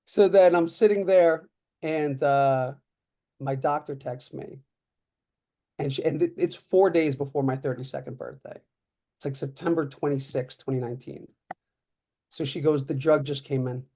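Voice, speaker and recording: Guy in his 30s, kinda high mellow voice, chatty storytelling, lots of "uh" and "like". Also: moderate pace. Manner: animated, acts out quoted dialogue; frequent fillers like "uh" and "like". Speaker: podcast guest, lawyer. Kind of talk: casual storytelling.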